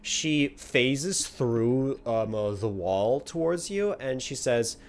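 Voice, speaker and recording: A man's voice: mid-range voice, lively intonation, slow pace. Rambling young man running a tabletop game. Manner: rambling, many fillers and restarts. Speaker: game master.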